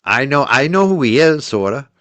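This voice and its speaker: A man hosts a livestream, casually chatting as he reads out viewers' super chats and thanks them, laughing easily and letting his words trail off quietly. His voice is mid-range with big swings in pitch, his pace is normal, and there's no room sound.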